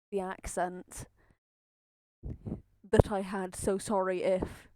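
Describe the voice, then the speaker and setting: A woman's voice: medium pitch, flat delivery, slow pace, pauses often, dark tone, dry recording. A woman live-streaming in a chatty, giggly way, thinking aloud as she reacts. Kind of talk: casual live-stream chat.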